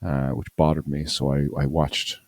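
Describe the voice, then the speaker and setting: A man's voice: a bass voice, little pitch movement, normal speed, darkish tone, no room sound. A man from Ireland co-hosting a podcast, chatting casually in a rambling way and laughing often. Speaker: podcast co-host. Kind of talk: casual chat.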